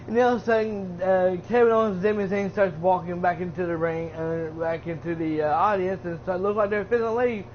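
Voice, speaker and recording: High-voiced man rambling through a recap. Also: steady tone, brisk, few pauses. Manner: rambling, full of fillers and restarts. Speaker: streamer. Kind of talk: casual rambling recap of a wrestling show. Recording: dull lo-fi with faint hiss.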